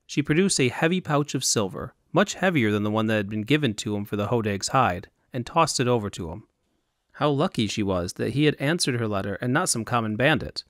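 A man reading scripted fantasy narration in a measured, even storytelling manner. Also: mid-range voice, no echo, clean studio sound. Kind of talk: audiobook narration.

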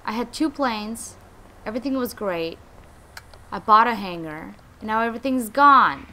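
A young woman hosting a let's play, commenting with exasperation, muttering and then yelling. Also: fairly high pitch, expressive, normal speed. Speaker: gaming channel host.

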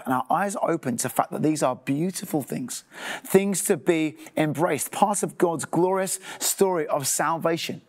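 A man, a pastor preaching a sermon earnestly and sometimes acting out his listeners' thoughts. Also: on the high side.

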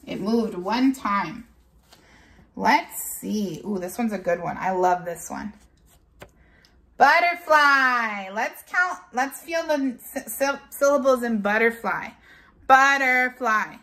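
A woman teacher leading a morning lesson for young children, speaking slowly and clearly and repeating words so the class can follow along. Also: a little high, expressive, fairly bright tone. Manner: slow, clear, drawn-out classroom delivery; switches into Spanish for the date.

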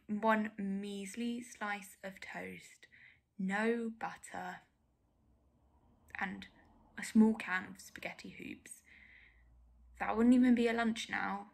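Husky young woman half-whispering commentary. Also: mid-range voice, fairly even intonation, takes it slowly, pauses often. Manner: candid, self-critical, often drops to a whisper. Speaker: vlogger. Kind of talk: casual reaction commentary.

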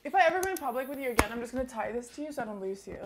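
Teasing, high-voiced woman co-host. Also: animated, racing, very noisy. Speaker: streamer co-host. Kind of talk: casual chat.

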